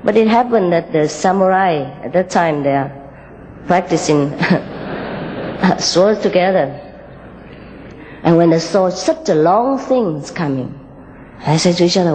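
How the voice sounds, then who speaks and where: A woman telling a moral fable and giving a spiritual talk, gently and with frequent small laughs, in loosely built English. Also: fairly low pitch, expressive, a little slow, pauses often, long reverb tail, a little hiss or hum, low-quality recording. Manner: gentle, laughs often, unpolished English grammar.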